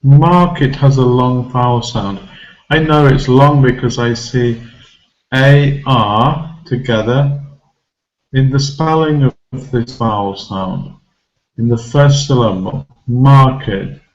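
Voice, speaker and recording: A man teaching English pronunciation, talking slowly and deliberately at a mid pitch. He repeats key words to drive them home, and the recording sounds a little muffled. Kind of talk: pronunciation lesson. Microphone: recorded for a video lesson.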